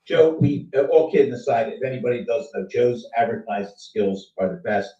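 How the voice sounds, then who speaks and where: A man hosting a casual online chat, animated and teasing, his voice rising and falling as he talks. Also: medium pitch, fairly quick. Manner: animated, teasing, swings loud and soft. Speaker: host. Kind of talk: casual chat on a video call. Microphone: video call. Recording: dull, roomy sound, distant from the mic.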